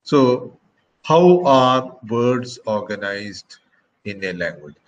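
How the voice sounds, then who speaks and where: Man lecturing slowly, checking in often. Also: mid-range voice, expressive, lo-fi sound, a little hiss or hum. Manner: slow, deliberate, frequent "okay" and "uh". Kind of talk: classroom lecture.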